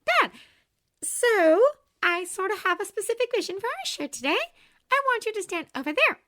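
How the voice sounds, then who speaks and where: A woman voicing an eager, bossy young princess in a fan-made audio story, speaking high, bright and insistent. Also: very animated, moderate pace, heavily acted.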